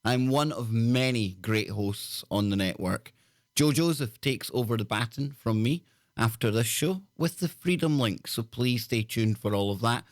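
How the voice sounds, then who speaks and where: A jokey Scottish man hosting a call-in radio show, his voice dry and close with hardly any room around it. He sits at a middle pitch and keeps a playful, bantering tone as he greets listeners one by one. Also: moderate pace, no echo. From Scotland. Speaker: radio talk show host.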